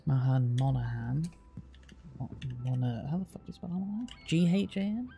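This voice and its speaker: A man's voice: mid-range voice, lively intonation, moderate pace, vocal fry, warm tone. A British man live-streaming, reading out place names one by one and chatting casually with his viewers, with the odd swear.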